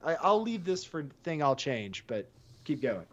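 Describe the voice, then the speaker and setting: A man's voice: a little high, sing-song, unhurried. A man co-hosting a casual movie podcast, enthusiastic and throwing in wisecracks. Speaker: podcast co-host. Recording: dull lo-fi mic.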